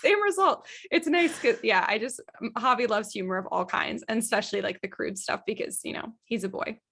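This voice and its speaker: A woman with a Southern American accent, co-hosting a podcast and telling chatty, animated stories with frequent laughter. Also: medium pitch, brisk, vocal fry. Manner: chatty, animated storyteller who laughs often. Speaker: podcast co-host. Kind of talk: casual chat.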